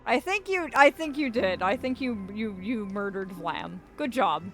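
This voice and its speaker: A woman's voice: medium pitch, animated, a little slow. A woman streaming a game live, chatting playfully and reading game lines aloud as she plays. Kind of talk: live gameplay commentary. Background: game music.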